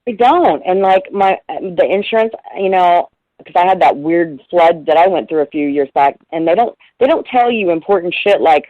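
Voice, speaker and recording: A woman's voice: fairly low pitch, animated, moderate pace, dry recording, lo-fi sound. A middle-aged woman guest in a casual radio interview, talking in a rambling, heartfelt way with plenty of swearing.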